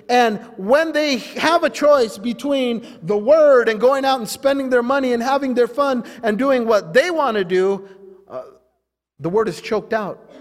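High-voiced preaching pastor in a reverberant hall. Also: male voice. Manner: emphatic preaching with repetition, rising and falling intensity. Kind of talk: sermon. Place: church service.

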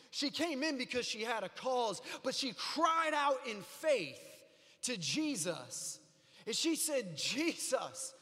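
High-voiced man preaching in a hall. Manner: builds from quiet storytelling to loud, rising preaching. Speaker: pastor. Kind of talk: sermon.

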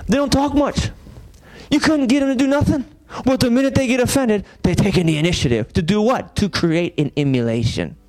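A man's voice: high-pitched, brisk, darkish tone. A man, preaching a sermon as pastor and throwing rhetorical questions at his congregation. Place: church sanctuary.

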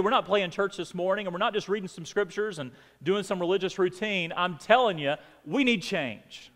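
A high-pitched male pastor preaching a sermon to his congregation. He builds to forceful, emphatic peaks and then sinks into quiet, low phrases. His voice rings with a long hall reverb. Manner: preaching with rising emphatic outbursts and dramatic drops. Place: church sanctuary.

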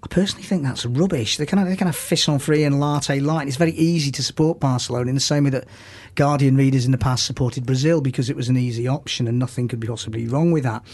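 A man's voice: mid-range voice, fast, a little mellow. A man who is a regular contributor to a radio show, giving a sardonic comic segment and reciting a poem in a wry, rambling way.

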